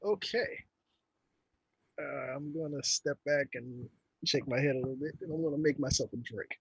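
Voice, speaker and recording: A man's voice: mid-range voice, moderate pace, vocal fry, breathy edge, dry recording, low-quality recording. A man playing a tabletop role-playing game, casually speaking his character's actions and lines aloud. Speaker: player.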